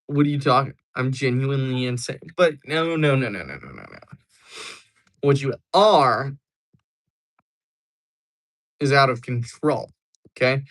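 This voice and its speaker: A man's voice: medium pitch, lively intonation, a little fast, fairly bright tone. A young man hosting a livestream, chatting casually and joking as he answers viewers. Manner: joking, rambling replies to chat. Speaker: livestream host.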